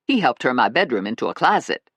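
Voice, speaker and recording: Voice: medium pitch, very animated, fast talker, a bit bright, no room sound. A narrator voicing a brash, self-assured woman friend in an audiobook, emphatic and dramatic. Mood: sassy.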